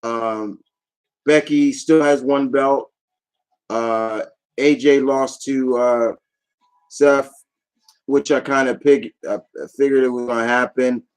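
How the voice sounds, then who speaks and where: A man's voice: mid-range voice, steady tone, slow pace, pauses often, smooth, poor audio. A man chatting casually on his vlog, rambling enthusiastically and often trailing off mid-thought. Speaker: YouTube vlogger. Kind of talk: casual chat recap.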